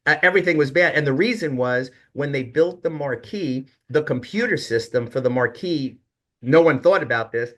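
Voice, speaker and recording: Middle-aged male guest, bright forceful tone, animated storyteller. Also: medium pitch, moderate pace. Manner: animated storyteller, quotes others with emphasis. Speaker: guest, hotel executive. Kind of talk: casual interview storytelling.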